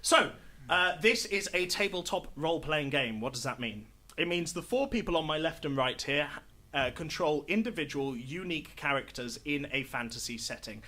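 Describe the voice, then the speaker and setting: Bright-voiced male game master. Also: fairly high pitch, lively intonation, normal speed. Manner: chatty, filler-heavy, upbeat. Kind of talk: live tabletop game hosting and narration. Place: live stage show before an audience.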